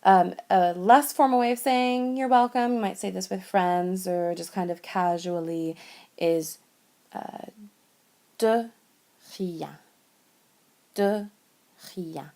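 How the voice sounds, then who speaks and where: A woman walks a learner through a whiteboard lesson at an unhurried, deliberate pace. Her voice carries some vocal fry as she patiently repeats each phrase, pausing between words. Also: fairly low pitch, steady tone, dark tone. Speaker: French teacher.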